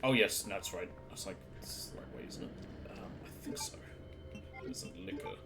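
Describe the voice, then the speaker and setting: A man streams a video game, chatting casually to himself in let's-play commentary, swearing, laughing, trailing off and shivering a little from the cold. His deep, creaky voice is very animated at a normal speed, heard over loud music.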